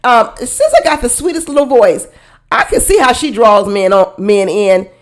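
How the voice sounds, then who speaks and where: A woman with a fairly high voice gives a casual reaction commentary, blunt and sassy. Her delivery is animated and she breaks into laughing asides. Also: normal speed. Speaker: reality TV reaction host.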